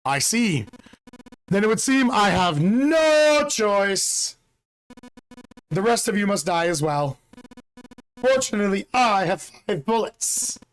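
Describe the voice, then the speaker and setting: A slightly hoarse man voicing a cold, polite, murderous older male villain in a calm, measured way. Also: high-pitched, faint music behind, pitched above the performer's own voice, full character voice.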